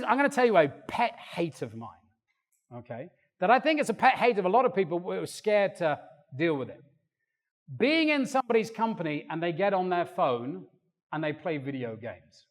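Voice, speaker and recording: An older man preaching a sermon in a church, animated and acting out quoted voices. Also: sits high. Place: church hall. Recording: long reverb of a church hall.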